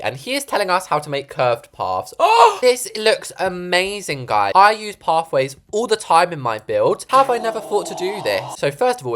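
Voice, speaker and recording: An excitable young gaming creator chats through a building session, and the voice swings widely up and down in pitch. The pitch sits in the middle. It is casual and chatty, full of gasps and quick reactions. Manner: excitable, gasps and laughs often. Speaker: gaming YouTuber. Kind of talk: casual gameplay commentary.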